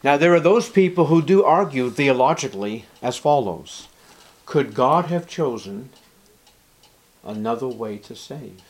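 A man's voice: animated, measured pace. Emphatic man preaching a sermon. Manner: emphatic preaching, rising loud on key words and dropping low and soft. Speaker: pastor.

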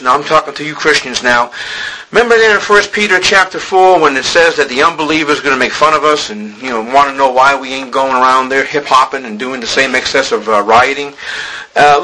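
A man's voice: medium pitch, bright, forceful tone, low-quality recording. A man preaching a sermon to a church congregation, pleading with his listeners and building to emphatic exhortation.

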